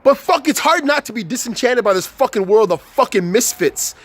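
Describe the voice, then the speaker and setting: Extremely high in pitch, husky and a bit bright, his voice moves fairly quickly with lively intonation. The young vlogger rants to camera in an improvised motivational outburst, cursing a lot, repeating himself, restarting sentences and growing heated.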